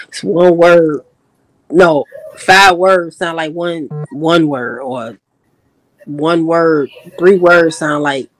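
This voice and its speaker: A woman's voice: deep voice, dry recording. Chatty Chicago woman telling stories. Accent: Chicago, with a slight Southern lilt. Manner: chatty and storytelling. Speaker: guest on a live stream. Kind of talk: casual chat.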